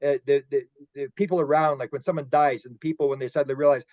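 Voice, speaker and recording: A man's voice: medium pitch, fairly even intonation, fast talker, a little mellow, dry recording. Rambling man on dull audio. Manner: rambling, repeats words while telling stories. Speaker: roundtable guest researcher. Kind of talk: casual roundtable discussion.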